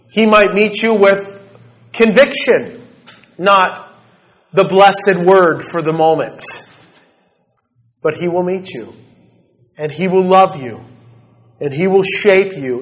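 A man preaching a sermon, dropping to soft, slow assurances and then building to fervent, rising declarations. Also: sits high. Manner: swings between soft, slow, intimate passages and rising, fervent ones. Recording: dull lo-fi recording.

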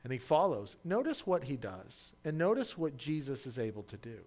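A man preaching a sermon, reading scripture and then expounding on it, swinging from loud, animated cries in the quoted voices to quiet, intimate asides. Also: mid-range voice, moderate pace. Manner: acts out quoted voices loudly.

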